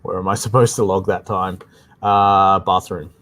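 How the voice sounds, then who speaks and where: Co-hosting a live stream answering tech questions, this Australian man explains casually in a low, a bit bright voice with fairly even intonation at a moderate pace. He often returns to points with "like I said".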